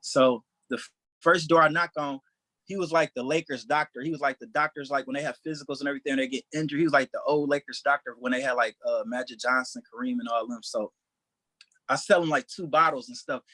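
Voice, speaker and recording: Fast-talking man. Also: mid-range voice, dry recording. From Detroit, USA. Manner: animated, acts out quoted voices. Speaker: stand-up comedian. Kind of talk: storytelling anecdote.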